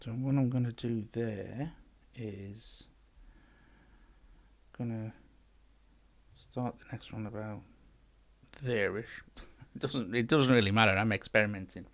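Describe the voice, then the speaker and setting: A man with a fairly low voice walks through a music app in a casual tutorial. He chats as he goes, thinking aloud and restarting half-finished phrases. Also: slow, pauses often, a bit bright. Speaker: app demo host.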